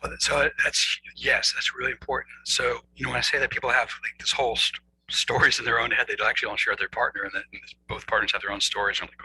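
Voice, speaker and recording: A man speaking as a guest relationship coach, explaining earnestly and acting out inner dialogue, swinging between loud and soft. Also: medium pitch, quick pace, slight background noise, rough recording. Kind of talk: conversational explaining.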